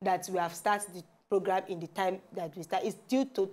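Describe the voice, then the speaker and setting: A woman's voice: mid-range voice, fairly even intonation, a little fast, darkish tone. A woman with a Nigerian Pidgin accent, co-hosting a TV talk show in a teasing, chatty way. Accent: Nigerian Pidgin English. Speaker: TV show co-host. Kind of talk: casual chat presenting news stories.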